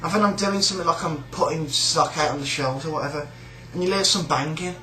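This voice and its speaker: Bright-voiced sweary British man ranting. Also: a little high, fast talker, roomy sound, faint music behind, poor audio. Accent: British English. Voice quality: sweary, sneering, rambling. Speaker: shop worker. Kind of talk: casual rant.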